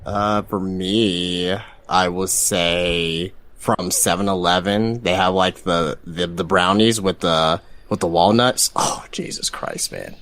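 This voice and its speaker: Hesitant low-voiced man. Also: steady tone, slow, few pauses, fairly bright tone. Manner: hesitant, stammering restarts. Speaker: podcast guest. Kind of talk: casual podcast chat.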